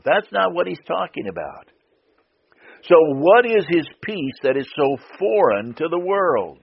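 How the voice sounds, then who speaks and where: A man preaching a sermon on the radio, slow and deliberate, repeating key phrases for emphasis. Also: medium pitch, breathy edge. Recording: dull lo-fi radio broadcast.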